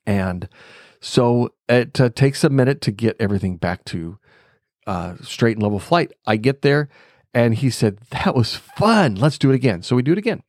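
A man's voice: mid-range voice, expressive, normal speed, a little mellow, no echo, clean studio sound. A middle-aged man hosting a podcast, telling a personal story in an unscripted, thinking-aloud way, with fillers and small chuckles. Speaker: podcast host. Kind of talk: reflective storytelling monologue.

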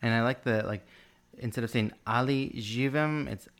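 A man's voice: medium pitch, flat delivery, brisk. A man co-hosting a podcast, good-humored as he repeats new phrases, trying hard and stumbling over words. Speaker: podcast co-host learning Croatian. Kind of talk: casual chat, repeating phrases.

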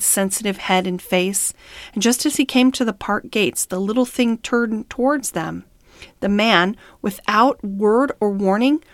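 A female audiobook narrator reads a classic novel in a measured, even storytelling style. Her voice is mid-range, and the studio-quality recording has no room sound.

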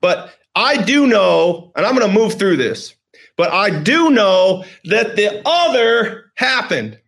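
Man, high-pitched, middle-aged, emotional storytelling, rambling, emphatic repeats. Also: very animated, slow pace, gravelly, a bit bright. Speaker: host. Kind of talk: emotional personal storytelling monologue.

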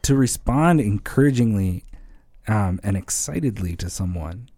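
A man talking casually on a church podcast, explaining how songs are written, lively and full of examples. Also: lowish voice, unhurried, breathy edge, no room sound. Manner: animated, explains with examples and rhythms. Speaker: church songwriting guest.

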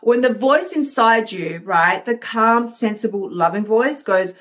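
A woman's voice: mid-range voice, normal speed, few pauses. A woman hosting a motivational live stream, talking energetically and acting out inner voices with emphasis. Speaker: host, coach.

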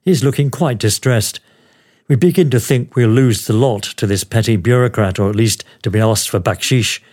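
An older man tells his own adventure story as a podcast host. His telling is wry and dry, with plain, steady narration and a middle-pitched voice. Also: normal speed. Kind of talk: memoir storytelling.

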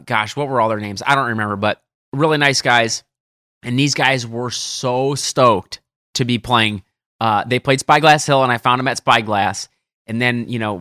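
A man's voice: medium pitch, pushed and bright, smooth, dry recording, clean studio sound. A man telling caddie stories on a podcast in a rambling, laughing way, full of fillers. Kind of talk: casual storytelling chat.

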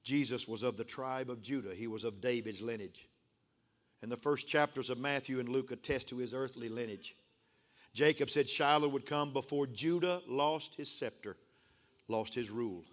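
An older male pastor preaching a sermon, emotional and building to excited outbursts. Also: medium pitch, moderate pace.

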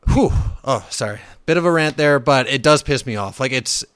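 Brisk and clean-toned, this medium-pitched man runs a solo finance podcast in a casual style, ranting bluntly with profanity. Fillers and restarts pepper his speech, and he turns animated when something riles him; the studio recording is clean with no room sound.

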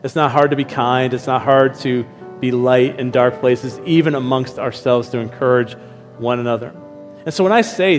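A middle-aged man preaching a sermon as a pastor, telling stories and acting out his own lines in lively asides. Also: medium pitch, normal speed. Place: church hall. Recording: reverberant hall with faint music.

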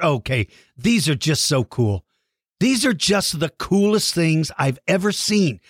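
Lively, playful male kids' podcast host. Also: high voice, no room sound, clean studio sound. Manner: warm, playful praise for kids' artwork. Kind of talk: reading listener shout-outs.

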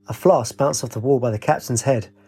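With a husky mid-range voice and a slightly fast pace, a man narrates a story as an audiobook. He keeps it lively, putting on different voices for the characters' lines.

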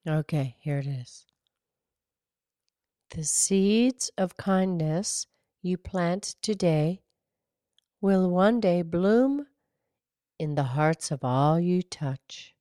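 A woman voicing a gentle, low-voiced podcast co-host who speaks softly and slowly. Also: animated, dry recording, studio quality. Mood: calm. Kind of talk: casual chat.

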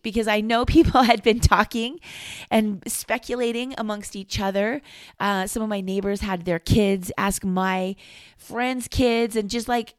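A woman's voice: mid-range voice, steady tone, measured pace, clear, resonant tone, no echo. Earnest middle-aged woman, dry close sound. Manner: earnest and reflective, repeats phrases for emphasis. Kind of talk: candid personal monologue.

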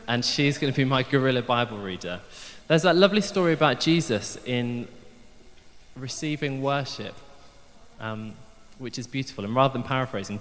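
A man giving a light-hearted church sermon, chatty and self-deprecating, with frequent ums. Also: medium pitch. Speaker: preacher. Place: church hall. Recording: long hall reverb.

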